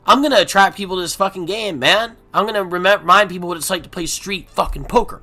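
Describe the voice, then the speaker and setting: A man streaming poker and ranting unscripted, profane, swinging between mutters and shouting. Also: high-pitched, fairly quick, hardly any pauses. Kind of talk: unscripted rant while playing online poker.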